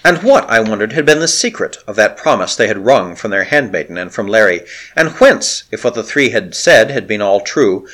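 A man narrating an adventure novel aloud in an expressive, storytelling manner. His pitch sits in the middle for a man and moves a lot through each phrase. The delivery is dramatic and carefully scripted. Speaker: audiobook narrator.

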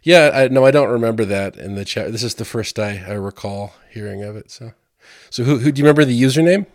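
A man's voice: medium pitch, fast, no room sound, clean studio sound. A man from Maryland in casual chat, rambling and often repeating words as he thinks. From Maryland, USA.

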